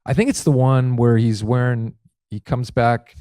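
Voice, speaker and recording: A man's voice: mid-range voice, moderate pace, clear, resonant tone, dry recording, clean studio sound. Man telling showbiz stories animatedly. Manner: animated storyteller who acts out quotes. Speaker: guest comedian. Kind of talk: casual anecdote telling.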